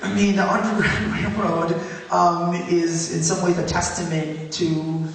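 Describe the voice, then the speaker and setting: A man speaking onstage at a public event, earnest and animated, his voice rising on questions. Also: high voice, unhurried, slight background noise. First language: Tagalog. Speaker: guest speaker. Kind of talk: onstage conversation. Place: high school auditorium. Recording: echoey hall from far off.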